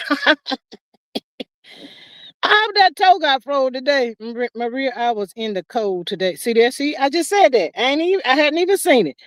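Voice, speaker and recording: A woman's voice: high voice, very animated, moderate pace, long pauses, no echo, clean studio sound. A woman hosting a casual livestream chat, greeting viewers and talking in a chatty, playful way with lots of slang. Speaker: livestream host.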